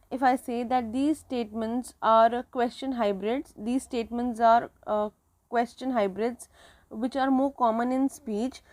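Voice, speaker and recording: An Indian English woman delivers a grammar lesson in a fairly high voice. She explains patiently, circling back with fillers and restating points. The sound is dry and close. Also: darkish tone, dry recording. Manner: explanatory, repeats phrases with fillers. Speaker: teacher. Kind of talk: recorded grammar lecture.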